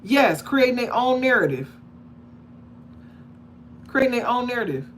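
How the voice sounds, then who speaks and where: A woman talking casually to her audience about relationships in an animated way, acting out the people she describes and checking in with questions. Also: fairly high pitch, unhurried, a little hiss or hum. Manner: conversational, asks the audience questions. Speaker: relationship commentator. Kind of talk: casual monologue to camera.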